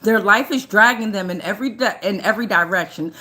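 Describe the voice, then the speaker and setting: A woman's voice: mid-range voice, fairly quick, pushed and bright. A woman giving a casual, loose and chatty tarot reading, swearing freely and often checking in with her listeners. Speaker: tarot reader.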